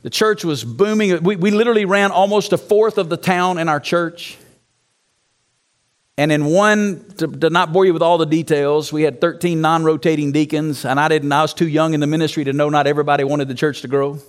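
A man's voice: on the high side, steady tone, a little fast. A man, a pastor, preaching an emphatic sermon to a congregation in a church, prompting them to call out answers and telling his own story candidly.

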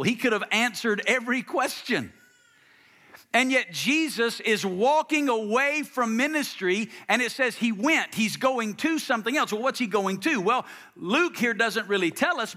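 A man's voice: high voice, pushed and bright. A man in his fifties, a pastor preaching a sermon with emphasis and having the audience repeat lines after him.

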